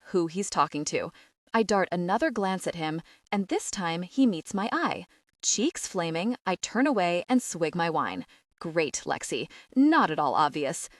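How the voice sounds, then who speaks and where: A woman narrating a first-person audiobook in a lively, expressive way. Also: mid-range voice, no echo, studio quality, recorded from a distance.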